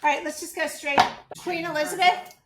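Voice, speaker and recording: A woman's voice: very high voice, steady tone, a little fast, reverberant, very noisy. A woman running a casual tarot channeling session, asking spirits questions and reporting their answers. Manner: chatty, asks questions then reports answers.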